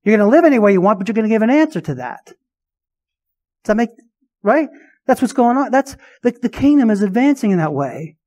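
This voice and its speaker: A man with a high voice preaches a sermon as a pastor. He presses his points hard and keeps putting questions to his listeners. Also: sing-song, brisk, darkish tone. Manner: emphatic preaching with rhetorical questions.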